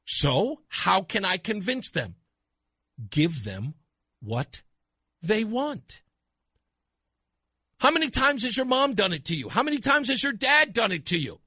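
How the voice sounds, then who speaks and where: Animated, high-voiced radio host. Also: male voice, a little slow, pauses often, husky, no echo, clean studio sound. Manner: animated, mocking, acts out voices. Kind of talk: opinionated talk radio monologue.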